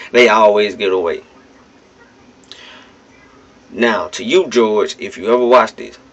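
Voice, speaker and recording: A vlogger gives casual, blunt, emphatic commentary straight to his listeners, with some swearing. His voice is on the low side and a bit bright, captured as a dull lo-fi phone recording.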